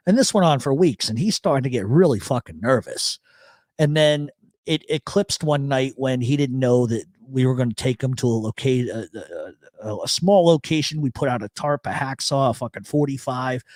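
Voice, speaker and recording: A man's voice: medium pitch, animated, moderate pace, darkish tone, dry recording, studio quality. Profane storytelling man. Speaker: radio show host. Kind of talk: casual live chat show, reading chat.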